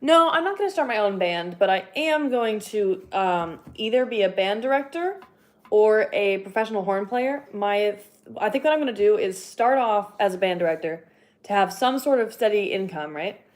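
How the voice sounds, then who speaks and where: A young woman in casual livestream chat, talking in loose, rambling sentences full of fillers and easy laughs. Her voice sits at an ordinary middle pitch and has a slightly breathless edge, as if she has been talking a lot. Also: lively intonation, normal speed. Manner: chatty, rambling, laughs often, many fillers. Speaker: livestreamer and horn player.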